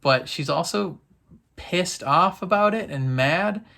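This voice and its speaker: A man's voice: high voice, expressive, takes it slowly, gravelly, sharp tone. A young man chatting casually as he recaps a TV episode. He rambles, fills his speech with fillers and laughs often. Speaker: TV reaction vlogger.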